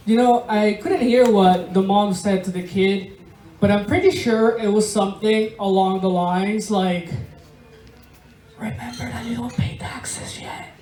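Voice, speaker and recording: Slow-talking woman doing stand-up from far off. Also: medium pitch. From Venezuela. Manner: slow, laughing deadpan storytelling with swearing. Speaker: stand-up comedian. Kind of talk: stand-up comedy set. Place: large room of a bar, live audience. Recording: echoey room, voice from far off.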